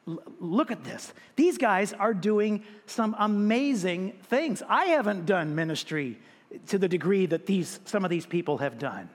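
A man with a high voice delivers a sermon in an emphatic, repetitive way. He lifts his voice when he reads scripture aloud. A long reverb trails behind him, as in a large hall. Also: expressive, a little slow. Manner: emphatic, repeats words, quotes scripture with a raised voice. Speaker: pastor.

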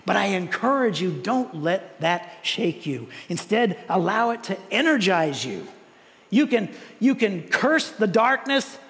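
A pastor preaching a sermon in a lively, conversational way, often repeating words and asking rhetorical questions. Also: male voice, sits high. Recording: long hall reverb.

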